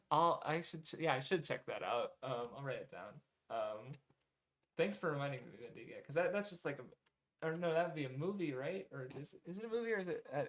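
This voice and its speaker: A man with a somewhat high-pitched voice muses out loud to his audience in an easy, unscripted way. He wanders through his thoughts, filling gaps with "um" and "like" and backtracking to fix what he just said. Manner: rambling, full of "um" and "like", self-correcting, casual swearing. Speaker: streamer reading viewer recommendations. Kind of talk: casual rambling chat.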